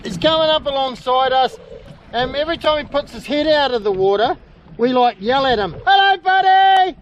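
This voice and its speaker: A middle-aged man with a New Zealand accent, narrating an excited outdoor vlog from a kayak at sea and often calling out loudly. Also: extremely high pitch, fairly quick, lo-fi sound. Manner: excitable, exclaiming, calls out loudly. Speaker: kayak fishing host. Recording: wind and water noise.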